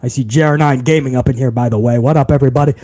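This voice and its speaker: A man's voice: medium pitch, steady tone, racing, mellow. A tired man hosting a live podcast, talking in a rambling, sarcastic way. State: tired after a long day. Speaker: podcast host.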